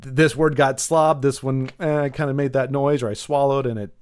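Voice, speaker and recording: A man's voice: mid-range voice, steady tone, brisk, clean tone. An American man hosting a casual chat, rambling with frequent restarts and laughs. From United States. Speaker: podcast host.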